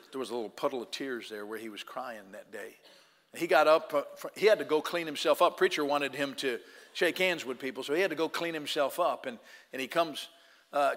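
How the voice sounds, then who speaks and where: A man preaching in a church, his bright, ringing voice trailing off into a long hall reverb. He swings from loud exhortation down to a hushed storytelling tone. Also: a little high. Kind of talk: sermon.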